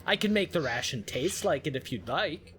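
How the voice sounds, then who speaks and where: A man's voice: on the high side, animated, normal speed, a crowd in the background. A man playing a tabletop game who talks in a dry, mock-formal way. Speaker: player. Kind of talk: casual tabletop game chat.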